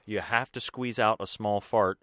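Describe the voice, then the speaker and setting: Male podcast co-host, bright tone, dry sound, wisecracking. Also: on the low side, fairly even intonation, moderate pace, no room sound. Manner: jokey, self-deprecating. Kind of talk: casual joking podcast chat.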